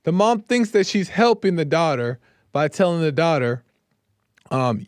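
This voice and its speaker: A man hosts a show and talks through a crime case like he's telling a friend, tossing in "right?" after nearly every beat. His voice sits a bit high and sounds smooth and clean. The recording is dry and close. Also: measured pace, no room sound. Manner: conversational, keeps checking in with "right?". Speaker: host. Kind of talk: casual true-crime storytelling.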